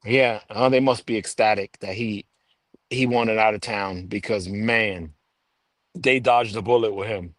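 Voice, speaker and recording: A man's voice: fairly low pitch, fairly even intonation, a little slow, no room sound. A man from New York co-hosting a sports podcast, joking and sarcastic in casual banter. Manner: sarcastic, joking, trails off and restarts. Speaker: podcast co-host.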